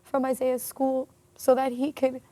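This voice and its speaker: A woman telling a painful personal story in an interview, earnest and emotional, with many pauses and fillers. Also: sits high, monotone, mellow, no echo. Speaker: interview guest.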